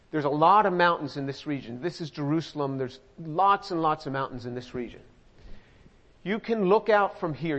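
A man preaching a sermon, expressive and slowing down to stress key words. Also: fairly high pitch. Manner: expressive preaching, slows down for emphasis. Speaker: pastor. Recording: dull sound with long hall reverb.

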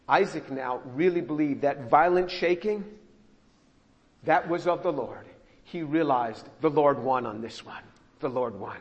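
Expressive male preacher in a reverberant hall. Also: on the high side, unhurried, dull audio. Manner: expressive, acts out the scripture he reads. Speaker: pastor. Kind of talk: sermon.

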